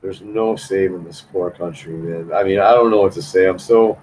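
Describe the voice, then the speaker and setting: A man's voice: low voice, fairly even intonation, moderate pace, darkish tone, slight background noise, low-quality recording. A man chatting loosely on a live stream while he draws, rambling and repeating himself in a frustrated way. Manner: rambling, repetitive, frustrated, keeps saying "man". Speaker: live-stream host drawing.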